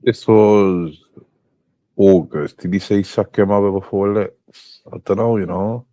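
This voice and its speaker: A man's voice: fairly low pitch, fairly even intonation, unhurried, mellow, no echo. A young man hosting a show, commenting on clips with frequent laughter and mockery. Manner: laughing, mocking. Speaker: host.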